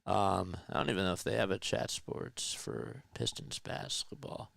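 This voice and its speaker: A man hosting a casual live play-by-play stream, chatting with viewers and answering their comments between pitch calls. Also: sing-song, normal speed, vocal fry, fairly bright tone, no echo, clean studio sound. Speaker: livestream play-by-play host.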